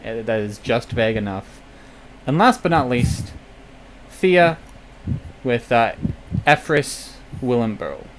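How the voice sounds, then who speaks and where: A man's voice: mid-range voice, sing-song, slow, pauses often, slight background noise, low-quality recording. A man hosting and running a tabletop role-play as storyteller, easygoing and joking. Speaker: storyteller, game master. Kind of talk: casual chat hosting a tabletop game.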